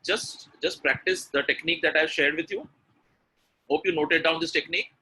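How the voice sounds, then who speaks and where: A man's voice: fairly high pitch, fairly even intonation, normal speed, sharp tone, a little hiss or hum, rough recording. A man with an Indian English accent teaching pronunciation in a live online webinar, drilling sounds by repetition. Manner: drills sounds by repeating them, urges chat replies. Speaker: spoken English trainer.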